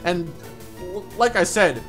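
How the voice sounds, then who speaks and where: A man live-streaming a game and reading chat aloud, talking fast and excitably, stuttering and repeating words, laughing often. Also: sits high, faint music behind.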